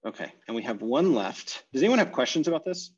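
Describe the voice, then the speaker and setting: A man teaching an online language class, thinking aloud with many pauses and self-corrections. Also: mid-range voice, sing-song, husky, muffled recording. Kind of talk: explaining grammar in a live online class. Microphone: video call.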